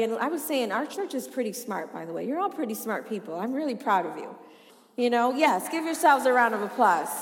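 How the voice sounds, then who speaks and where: A woman pastor preaching a sermon, swinging between loud passionate pleas and hushed asides. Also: on the high side. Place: church hall. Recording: long hall reverb.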